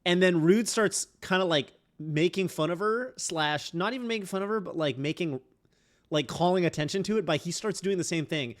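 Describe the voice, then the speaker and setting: A man's voice: sits high, moderate pace. A man streaming a game, chatting casually in a rambling way full of fillers and restarts. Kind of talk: casual chat while streaming.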